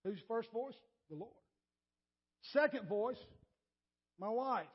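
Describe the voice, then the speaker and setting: High, husky-voiced male pastor preaching. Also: expressive, slow, highs cut off. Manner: repeats words, addresses congregation by name; swings from quiet to loud and emphatic. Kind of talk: sermon.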